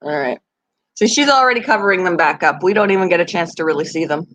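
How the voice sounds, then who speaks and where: A woman's voice: fairly low pitch, animated, quick pace, a bit bright, rough recording. A woman hosting her pet channel, chatting casually to viewers and gushing over tiny baby animals. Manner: chatty, gushing, laughs often. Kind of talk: casual live chat to viewers.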